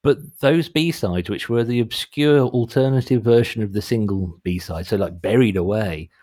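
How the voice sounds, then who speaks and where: Podcast co-host, man in his forties, lowish voice, rambling and self-mocking. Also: moderate pace, warm tone. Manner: rambling, self-deprecating, breaks into mock voices. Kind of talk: casual chat. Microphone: headphones, home mic.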